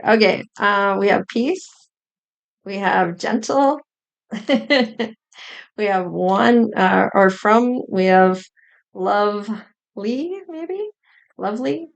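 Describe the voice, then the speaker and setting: A woman's voice: medium pitch, vocal fry. A woman tarot reader musing aloud in an unscripted psychic reading, meandering with fillers and small giggles.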